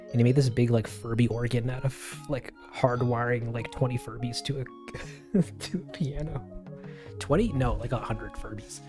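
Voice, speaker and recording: Rambling, giggly man on a livestream. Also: mid-range voice. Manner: rambling, giggly, self-deprecating. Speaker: animator livestreaming to viewers. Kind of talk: casual livestream chat.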